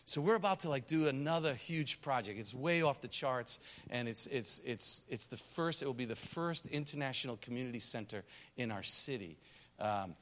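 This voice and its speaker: A missionary pastor speaking to a congregation on a church stage, telling stories and acting out the voices of the people in them. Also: male voice, mid-range voice, moderate pace. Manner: animated storytelling, acts out quoted voices. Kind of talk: sermon testimony to a congregation. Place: church stage under lights.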